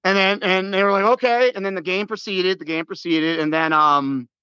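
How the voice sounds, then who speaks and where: A man telling a sports story in casual chat, excitable and full of restarts, acting out his own shouts. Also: sits high, brisk, smooth, no echo, dull audio. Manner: many restarts and repeated words.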